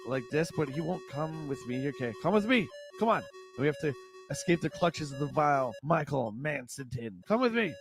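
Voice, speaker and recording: Excitable gravelly man hosting a gaming stream. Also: a little high, moderate pace, faint music behind. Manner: excitable, yelps and shrieks while gaming. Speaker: livestream host. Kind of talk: retro gaming stream chat and playthrough.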